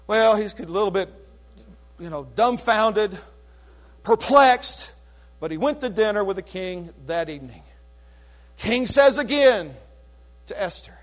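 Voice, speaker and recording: A man preaching a sermon, retelling a scripture story in an animated, chatty way with casual asides. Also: sits high, a little slow, pauses often.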